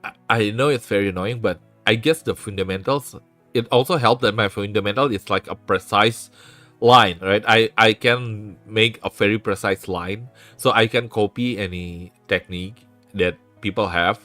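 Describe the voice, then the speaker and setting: A man with an Indonesian accent talks casually on a stream, his voice sitting a little low. He is earnest and circles back to repeat his points, close to a desk mic in a dry, dead room with faint music underneath. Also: moderate pace, pushed and bright, no room sound. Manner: earnest, repeats phrases for emphasis.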